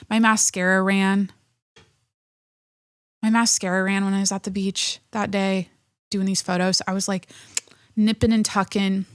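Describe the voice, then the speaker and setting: A woman's voice: medium pitch, fairly bright tone, clean tone, dry recording. Casting: pregnant woman podcast host, thirties, rambling and swearing, slightly winded, dry close mic. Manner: rambling, profane, many restarts and fillers. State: pregnant and short of breath. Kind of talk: casual chat.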